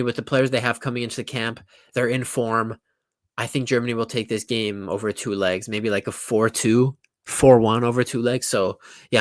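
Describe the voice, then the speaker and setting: A man's voice: mid-range voice, no echo, clean studio sound. A man giving casual, opinionated football analysis, talking bluntly with lots of restarts and asides. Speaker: football pundit YouTuber.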